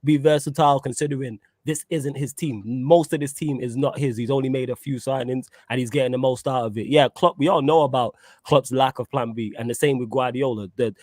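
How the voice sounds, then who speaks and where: Relaxed man host, mid pitch, dry recording. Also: a little fast, few pauses, no echo. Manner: laid-back, laughs often, reads viewer comments. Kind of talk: casual football chat with live chat.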